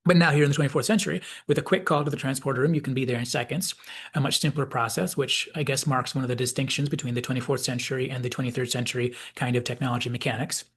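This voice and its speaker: A man giving a reflective spoken analysis, musing aloud and sometimes dropping to a soft whisper. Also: mid-range voice, steady tone, fast talker, husky. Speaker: video essayist.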